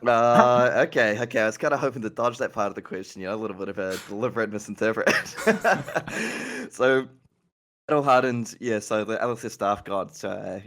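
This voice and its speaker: A man's voice: on the low side, lively intonation, normal speed, fairly bright tone. A man being interviewed on a podcast, telling casual stories and laughing often. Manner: chatty anecdotal storyteller, laughs often. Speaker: guest, organized play manager.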